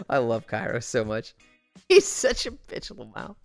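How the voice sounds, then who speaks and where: Low-voiced woman telling lively stories. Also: a little slow, creaky, dry recording, soft background music. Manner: animated, profane storytelling. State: tired and sweaty from walking. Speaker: streamer. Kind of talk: casual chat while walking on a treadmill.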